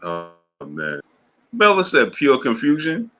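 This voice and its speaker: A man hosting a boxing livestream, reading chat messages aloud in a casual style, laughing hard with drawn-out exclamations and playful voices for the lines he quotes. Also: mid-range voice, wildly swooping pitch, sharp tone, faint music behind.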